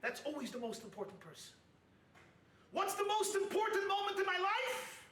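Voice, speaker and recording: A man, a rabbi, giving an animated, humorous sermon at a retreat and acting out the people he quotes. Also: very high voice, moderate pace, far from the mic, a little hiss or hum. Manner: animated, acts out quoted voices, jokes. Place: retreat hall with audience. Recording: echoey hall, voice picked up from afar.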